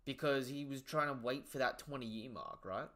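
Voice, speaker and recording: Young male streamer, bright forceful voice, excitable and profane, casual reaction chatter. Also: mid-range voice, normal speed. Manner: excitable, slangy, profane, trailing off into asides. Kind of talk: casual live reaction commentary.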